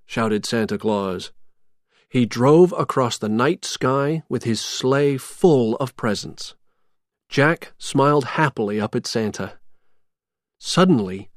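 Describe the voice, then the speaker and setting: A man reading a children's storybook aloud as narrator, in a slow, expressive read-aloud manner. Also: medium pitch, no room sound, clean studio sound.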